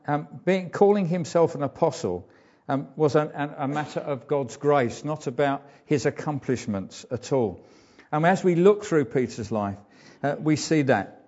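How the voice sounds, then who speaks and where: A man delivers a sermon in an informal, conversational way, pausing often on ums and uhs. His voice sits a little high for a man. The recording is dull and lo-fi. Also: darkish tone. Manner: hesitant, frequent ums and uhs. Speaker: preacher.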